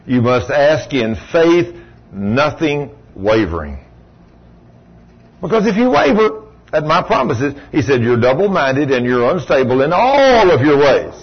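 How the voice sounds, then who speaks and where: Male preacher, husky voice, folksy storyteller, dull lo-fi recording. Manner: folksy storytelling, sudden high exclamations. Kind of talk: sermon.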